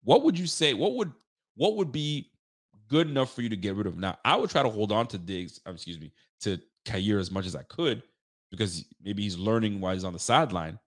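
A man's voice: on the low side, expressive, fairly quick. A man hosting a sports podcast, giving casual football picks and venting animatedly, swearing and talking straight to his listeners.

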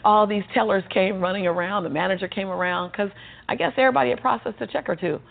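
A woman's voice: medium pitch, fast, gravelly. A woman telling her personal story in conversation, with an emphatic, repetitive preaching cadence. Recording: tinny phone-like audio with faint music.

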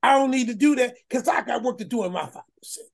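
Man, high voice, gravelly, emphatic slangy storyteller. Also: quick pace. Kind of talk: casual storytelling.

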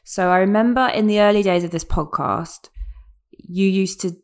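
A woman who is ill with a sore throat, co-hosting a casual podcast in a soft, low-energy, wry way. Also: normal speed. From United Kingdom. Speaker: podcast co-host.

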